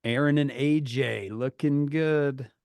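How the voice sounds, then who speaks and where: A man's voice: medium pitch, slow, a little mellow, smooth, no room sound. A man hosting a youth group on a video call, greeting each person in a playful, teasing way. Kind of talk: casual chat on a video call.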